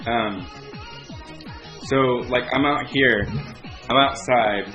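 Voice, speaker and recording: A man's voice: medium pitch, slow, bright, forceful tone. A young man telling a casual story, rambling with lots of filler words and frequent swearing. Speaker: vlogger. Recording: dull lo-fi recording with music behind.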